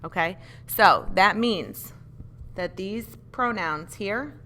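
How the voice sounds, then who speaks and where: Bright-voiced woman teaching grammar. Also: mid-range voice, lively intonation, slow pace, a little hiss or hum. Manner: patient, explains step by step, asks the class questions. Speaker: English teacher. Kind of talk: grammar lesson.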